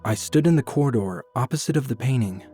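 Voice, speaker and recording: A man tells a scripted first-person horror story in an even, somber manner. His voice sits low and mellow at a middling pitch, with quiet music playing softly beneath the narration. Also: fast.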